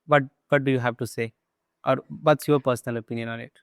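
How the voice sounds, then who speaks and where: A man with an Indian English accent hosts a casual conversation on his channel. His voice is smooth and resonant, recorded dry and close. He talks in a relaxed, agreeable way. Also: medium pitch, fast, dry recording. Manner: relaxed, agreeable, many short backchannels. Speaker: channel host.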